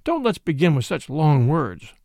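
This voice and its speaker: A man's voice: on the high side, sing-song, moderate pace, darkish tone, no echo, studio quality. A man voicing a grave grey-haired inspector. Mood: exasperated. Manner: grave and businesslike.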